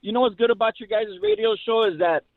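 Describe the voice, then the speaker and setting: A man's voice: extremely high pitch, huge pitch swings, quick pace, vocal fry, crowd noise. Emotional man calling in over a phone line. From Los Angeles. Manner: heartfelt, rambling, repeats himself. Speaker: caller. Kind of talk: emotional phone call to radio show.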